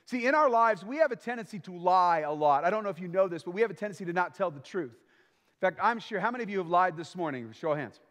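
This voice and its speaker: A man preaching a sermon as pastor, emphatic and lively, acting out little bits of everyday small talk. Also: sits high, fast, long reverb tail.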